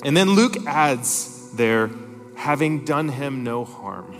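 A man delivers an emphatic sermon, reading scripture aloud and pressing each point with rising intensity. His mid-pitched voice rings out with a long reverb in a large church hall, while soft music plays faintly behind him. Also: very animated, takes it slowly. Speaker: preacher.

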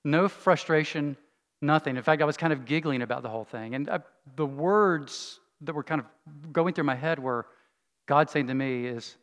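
Middle-aged man, pastor, earnest sermon storytelling with hushed tender beats; slightly high voice, long hall reverb. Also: normal speed. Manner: earnest storytelling, drops to a hush at tender moments.

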